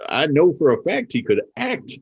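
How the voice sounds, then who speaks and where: A man's voice: on the high side, wildly swooping pitch, moderate pace, slightly rough. A man talking as a podcast guest in casual chat, emphatic and argumentative as he builds his points. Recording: dull lo-fi podcast audio.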